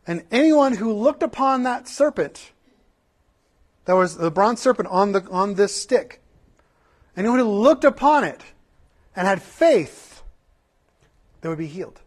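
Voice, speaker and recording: A pastor preaching a sermon, mixing fervent rhetorical questions with earnest, conversational asides and restarts. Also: male voice, sits high, lively intonation, a little slow, pauses often.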